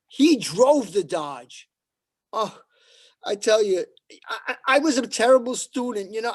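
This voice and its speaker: A man doing stand-up one-liners at an open mic, with a deadpan delivery and pauses before each punchline. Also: high-pitched. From New York.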